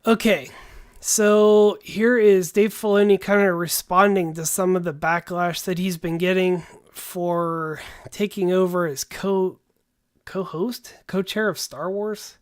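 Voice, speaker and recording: A man's voice: sits high, steady tone, slow, clear, resonant tone. Laid-back man casually rambling on a livestream. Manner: laid-back, rambling, says "dude" often. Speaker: livestream host.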